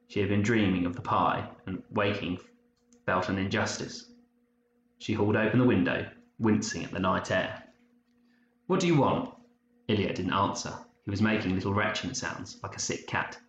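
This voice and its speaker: A man reads an audiobook in a low, measured voice with even storytelling. The recording sounds dull and roomy, with a faint hiss behind it. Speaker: narrator. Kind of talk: audiobook narration.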